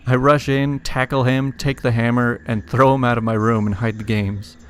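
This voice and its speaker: A man's voice: mid-range voice, little pitch movement, moderate pace. A man casually reading funny internet stories aloud, chuckling and adding wry asides between them. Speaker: story reader. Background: faint music.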